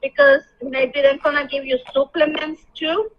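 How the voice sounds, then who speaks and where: A woman's voice: sits high, big pitch swings, very noisy. Caring mother on a lo-fi call. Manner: caring, slow and halting, advising.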